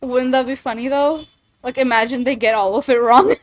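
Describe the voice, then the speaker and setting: A streamer and voice actor, she chats casually on her livestream, wandering from topic to topic and swearing freely between thoughts. Her voice sits high and moves a little fast.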